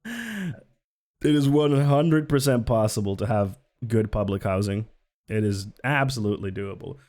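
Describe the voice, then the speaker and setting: A streamer giving sarcastic, laughing, animated commentary on a live stream. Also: medium pitch, a little slow.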